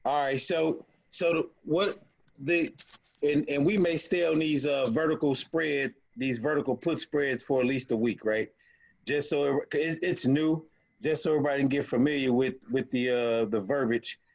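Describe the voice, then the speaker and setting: A man's voice: mid-range voice, gravelly, low-quality recording. A man leading an online options trading group, explaining things casually while sharing his screen and often restarting his sentences. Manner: halting, many restarts and fillers. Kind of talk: casual teaching over a screen share.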